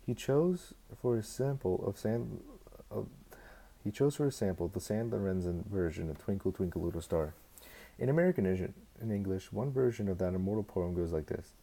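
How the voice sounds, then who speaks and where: A man's voice: sits low, animated, moderate pace, creaky, warm tone, low-quality recording. A man reading a novel aloud as a fan, unpolished, stumbling over words and restarting lines. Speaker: amateur audiobook reader.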